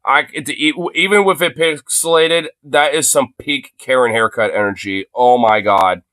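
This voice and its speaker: A man's voice: medium pitch, moderate pace, sharp tone, no room sound, clean studio sound. A young man streaming from his phone, reacting to a video in a loose, profane rant full of fillers. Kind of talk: casual ranting commentary.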